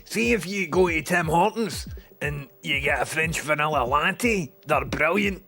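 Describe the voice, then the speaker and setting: A man doing an impression of an excitable male streamer who gushes in a loud, raised voice. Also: a little slow, creaky, soft background music, full character voice. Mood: gushing. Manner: high, gushing and loud. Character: excitable male streamer raving about coffee.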